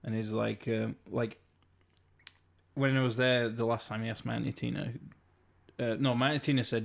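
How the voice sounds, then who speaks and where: A man co-hosting a podcast in casual chat, laughing often and throwing in quick jokes. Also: mid-range voice, fairly even intonation, gravelly. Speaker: podcast co-host.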